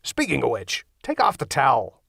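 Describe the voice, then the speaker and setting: A man's voice: medium pitch, wildly swooping pitch, moderate pace, creaky, a bit bright, no echo, clean studio sound, heavily acted. A man voicing an eager, goofy young man with impulsive ideas, in an audiobook reading.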